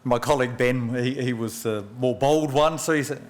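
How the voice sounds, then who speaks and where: A man, an economist, delivering a formal memorial oration in a measured lecturing way, with rhetorical questions and personal anecdotes, at a podium microphone. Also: mid-range voice. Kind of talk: formal public speech. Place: large function room at a press club.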